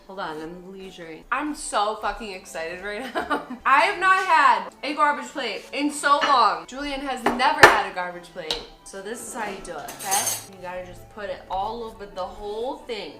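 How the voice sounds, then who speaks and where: A young woman hosting a casual cooking vlog in her home kitchen, excitable and profane, jumping from loud outbursts to mumbled asides. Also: medium pitch, normal speed, hardly any pauses. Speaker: vlog host. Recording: roomy kitchen with music behind.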